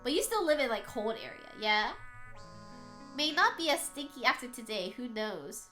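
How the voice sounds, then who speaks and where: A woman's voice: fairly high pitch, expressive, normal speed, bright, forceful tone, soft background music. A young adult woman streaming, chatting casually with viewers, laughing often and swearing freely.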